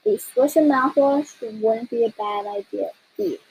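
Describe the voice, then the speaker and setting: A woman's voice: on the high side, moderate pace, a little mellow, slight background noise, close to an everyday voice, low-quality recording. A woman voicing a bossy, brash little female bird who scolds and wisecracks bluntly in a storybook reading.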